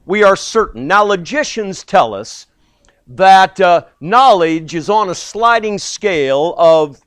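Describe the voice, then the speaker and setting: A man preaching a sermon with emphatic stresses, quiet asides and small restarts. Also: sits high, dry recording, clean studio sound. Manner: pauses and repeats words as he goes.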